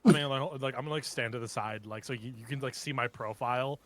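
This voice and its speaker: A man's voice: medium pitch, quick pace, fairly bright tone, no echo. A man playing a tabletop role-playing game, talking casually with many fillers. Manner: casual, lots of "like". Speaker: player.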